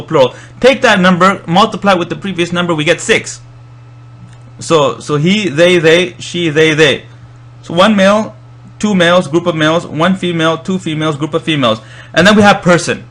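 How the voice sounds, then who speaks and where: A man's voice: fairly high pitch, a little fast, fairly bright tone. A man explaining Arabic verb grammar in a lecture, often restarting and repeating words as he thinks. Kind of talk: recorded lecture.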